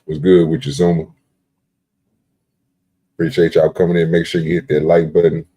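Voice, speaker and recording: A man's voice: a bass voice, flat delivery, moderate pace, warm tone, slightly rough. A man hosting a live stream, chatting in a laid-back, rambling, slangy way. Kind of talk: casual live stream chat.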